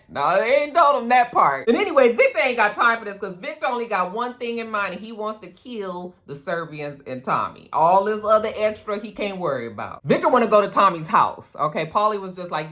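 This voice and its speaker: A reviewer giving a casual, slangy and profane recap of a TV episode, full of quick side comments. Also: medium pitch, sing-song, sharp tone.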